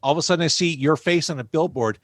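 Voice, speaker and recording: A man's voice: a little high, fast talker, dry recording. A man hosting a podcast, chatting casually and expressively with his guest. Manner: enthusiastic, expressive interviewer. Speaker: podcast host. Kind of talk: casual interview chat.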